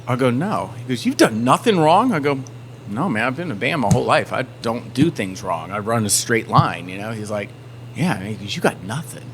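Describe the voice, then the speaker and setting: A man's voice: lowish voice, a little fast, background noise. A man from the Southern United States, a band member telling a story on a podcast and acting out everyone's lines. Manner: animated storyteller acting out quotes.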